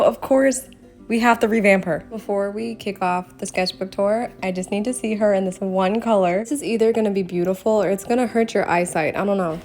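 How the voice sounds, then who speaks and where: A young artist vlogger gives a casual tour of her sketchbook, giggling with embarrassment and wandering into rambling asides. She sounds self-conscious, with a medium-pitched, slightly mellow voice.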